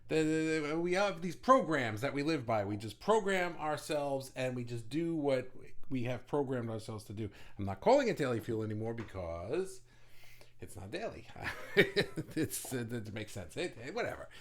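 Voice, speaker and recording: Fast, rambling male livestream host. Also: medium pitch, very animated. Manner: rambling, chatty, with many restarts and swearing; talks fast. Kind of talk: casual livestream chat.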